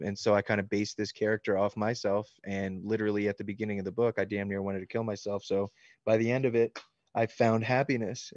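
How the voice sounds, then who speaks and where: A man's voice: on the low side, no room sound. Guy in his 30s chatting loose, lots of likes and ums, dry close sound, kinda dull audio. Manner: loose and rambling, many likes and ums, laughs easily. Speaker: author answering fan questions. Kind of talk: casual interview chat.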